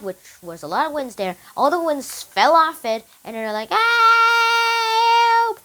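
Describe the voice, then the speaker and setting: A young book reviewer excitedly retelling a story in a casual, animated way. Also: medium pitch, rough recording.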